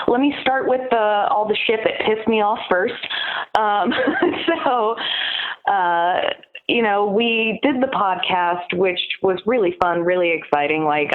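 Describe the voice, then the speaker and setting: Heated woman on a tinny phone line. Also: medium pitch. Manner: heated, profane, fast-spoken venting. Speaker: podcast guest, union organizer. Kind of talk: casual interview chat.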